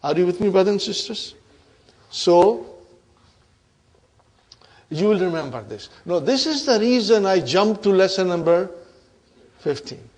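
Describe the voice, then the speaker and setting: A man's voice: high-pitched, expressive, unhurried, long pauses, a little mellow. A middle-aged man teaching an Arabic grammar class in English, often checking whether the students follow and laughing between points. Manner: repeats "are you with me" and "huh" to check the class.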